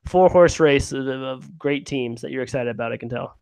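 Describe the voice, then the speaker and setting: A man's voice: medium pitch, normal speed, creaky, darkish tone, smooth. A man hosting a casual podcast chat, easygoing and moving the talk along. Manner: easygoing, moves the talk along with fillers and laughs. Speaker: podcast host.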